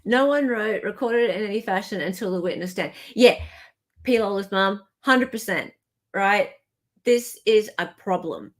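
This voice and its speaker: An Australian woman hosts a live stream and keeps up a joking, chatty banter. Her pitch sits in the middle range for a woman, and she drops in quick asides and apologies as she talks. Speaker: livestream host. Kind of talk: casual live-stream chat.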